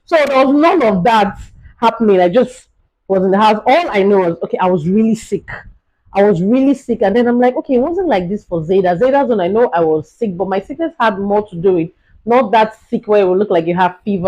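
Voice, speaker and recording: A woman with a Nigerian English accent tells a personal story straight to her viewers. She is casual and animated, with a flair for drama, and her voice sits at an ordinary middle pitch. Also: rough recording. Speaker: lifestyle vlogger and mother.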